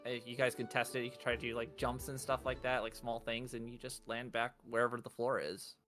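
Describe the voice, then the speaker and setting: Bright, rambling game master describing scenes, faint music behind. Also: medium pitch, level tone, brisk. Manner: rambling, many fillers. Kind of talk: narrating a tabletop game.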